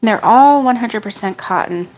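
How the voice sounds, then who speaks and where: A middle-aged woman chatting casually while sorting yarn for her crochet channel, self-deprecating and quick to laugh. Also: on the high side, animated, a little mellow, low-quality recording. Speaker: crochet vlogger.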